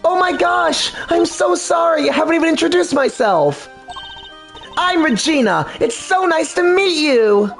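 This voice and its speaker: A man's voice: extremely high pitch, lively intonation, unhurried, a bit bright, soft background music, pitched above the performer's own voice, exaggerated voice. A man voicing a bubbly, lighthearted woman who is an animal tamer in a game dub, in a silly sing-song manner. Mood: giddy.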